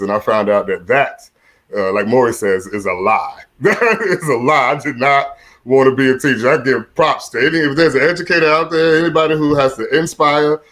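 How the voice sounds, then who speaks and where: Deep-voiced man doing stand-up comedy. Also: a bit bright. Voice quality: deep voice, often compared to Mufasa. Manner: chuckles at his own jokes, many "uh" fillers. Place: seated in a room at home.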